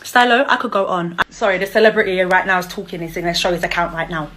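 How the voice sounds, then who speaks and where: A woman's voice: fairly low pitch, quick pace, a bit bright, slight background noise. A young woman ranting angrily at her child's father, confrontational and mocking, repeating herself. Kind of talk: angry live-stream rant.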